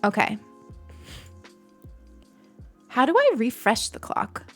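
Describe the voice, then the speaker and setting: A woman's voice: on the high side, wildly swooping pitch, moderate pace, soft background music. A young adult woman streamer chatting casually and giggling as she thanks donors on a live stream.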